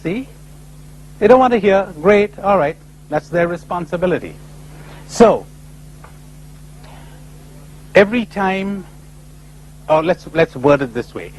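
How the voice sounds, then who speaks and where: A man giving a lively spiritual conference talk, full of rhetorical questions and acted-out voices, on an old tape recording. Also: high voice, takes it slowly, pauses often, a little hiss or hum, poor audio. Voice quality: animated, rhetorical, acting out imagined voices. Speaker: speaker at a spiritual retreat conference.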